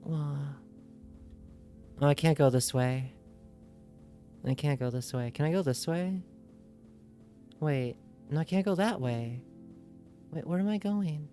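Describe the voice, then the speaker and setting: A woman's voice: low-pitched, slow pace, pauses often, mellow. A woman streaming a video game, reading its text aloud in a loose put-on accent and joking with her viewers in a playful, giggly way. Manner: puts on a loose, inconsistent accent. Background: faint game music.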